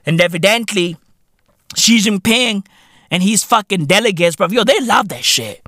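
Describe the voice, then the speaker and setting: A man, hosting a podcast in a brash, profane comedic rant, swinging from low mutters to shouts. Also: expressive, moderate pace, dry recording, studio quality. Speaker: podcast host.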